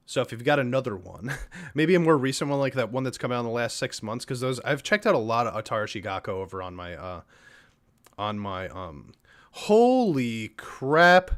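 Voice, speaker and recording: A man in the middle of a relaxed live stream, chatting straight to his viewers in an earnest, gushing way. His voice sits at an ordinary middle pitch, and his words tumble out with frequent restarts and repeats. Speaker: streamer and reaction host. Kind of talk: casual live-stream chat.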